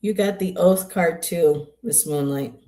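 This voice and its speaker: Low-voiced older woman chatting live. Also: unhurried, mellow. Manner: chatty, talks to viewers by name. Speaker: tarot livestream host. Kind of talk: casual livestream chat.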